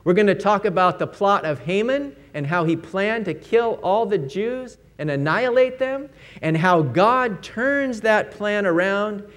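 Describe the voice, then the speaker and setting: A man's voice: sits high, expressive, measured pace, a bit bright. A man preaching a sermon, emphatic, repeating key words and asking rhetorical questions.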